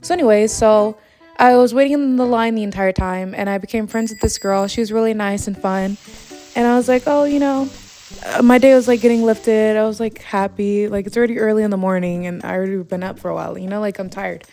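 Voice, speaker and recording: A woman's voice: medium pitch, steady tone, fast, warm tone, faint music behind. A young woman vlogger telling a story in a long, exasperated, rambling rant full of fillers while she plays a game. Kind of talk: casual late-night gaming rant. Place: home, at night.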